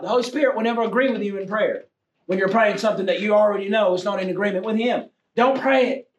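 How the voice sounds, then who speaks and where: A man preaching a sermon to a congregation, swinging between loud exhortation and low, confiding tones. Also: fast, a little hiss or hum. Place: church room with a congregation. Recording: echoey room, heard from a distance.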